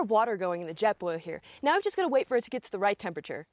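A woman's voice: medium pitch, very animated, very fast, hardly any pauses. A young woman hosting a scripted comedy vlog outdoors in the countryside, talking in a profane, sarcastic and exasperated way. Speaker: comedy video host.

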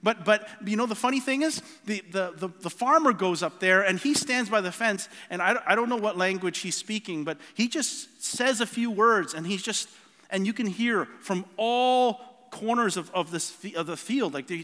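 Earnest high-voiced male preacher in a hall. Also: pushed and bright. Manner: earnest, personal storytelling with many restarts. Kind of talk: sermon.

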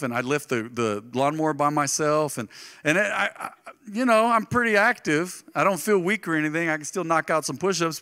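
A middle-aged man preaching a sermon to his congregation, telling stories animatedly and moving between loud bursts and soft, quiet asides. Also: on the high side, smooth. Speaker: pastor. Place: church sanctuary. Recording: live church sound with long reverb.

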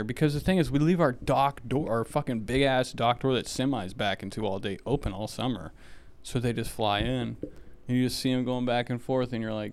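A young man at a medium pitch co-hosts a casual podcast chat. He tells long, winding stories full of swearing and filler words. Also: fairly quick, clear, resonant tone. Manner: rambling, profane storyteller, heavy on filler words. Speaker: podcast co-host.

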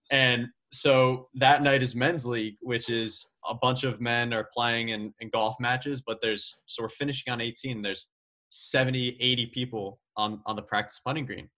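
A young adult man casually telling a story as a guest golfer, animated, laughing as he talks and saying "like" often. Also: mid-range voice, moderate pace. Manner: animated, laughs while telling, many fillers of "like".

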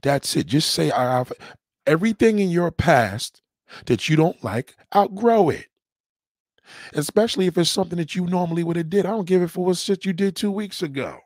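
Blunt, profane male streamer with a slightly high voice, close and dry, preaching a slow repeated mantra. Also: lively intonation, a little mellow, no room sound. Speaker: livestream host. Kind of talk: motivational livestream rant.

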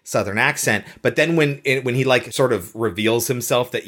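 A woman's voice: very deep voice, normal speed. A woman co-hosting a casual podcast, recapping a movie in an emphatic, chatty way and swearing casually. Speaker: podcast co-host.

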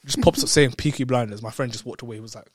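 A man telling a story in casual chat, excitable, laughing often and repeating words. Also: medium pitch, racing, no echo, clean studio sound.

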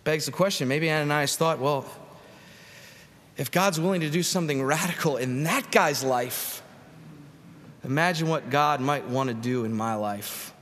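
A man's voice: on the high side, moderate pace, fairly bright tone. Man preaching in a reverberant sanctuary. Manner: conversational preaching with rhetorical questions. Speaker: pastor. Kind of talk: sermon. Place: large church sanctuary. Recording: long reverb of a church hall.

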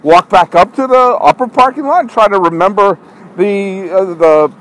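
A rough recording captures a high-pitched, somewhat bright male voice at a moderate pace. The podcast host is walking through an outdoor parking lot at night, delivering an exasperated, rambling monologue in which he scolds himself, accompanied by street noise and a truck backing up.

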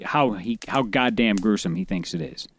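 A man's voice: lowish voice, expressive, normal speed, fairly bright tone. A man co-hosting a podcast, reading news stories aloud in casual chat, rambling with restarts and the odd swear, recorded outdoors. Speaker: podcast co-host. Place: outdoors by a forest.

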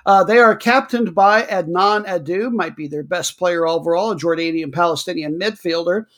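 Podcast host, male, higher register, wry chatty delivery for soccer rundowns. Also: normal speed, fairly bright tone. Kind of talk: casual football commentary.

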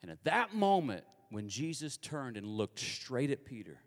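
A man from Kansas preaching a sermon in a lively, conversational and confessional way, with a long hall reverb on his voice. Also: mid-range voice, a little slow.

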